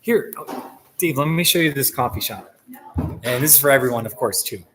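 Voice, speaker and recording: Man, casual live stream chat, chuckling, rambling, mid pitch, coffee shop. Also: expressive, normal speed, noisy background. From United States.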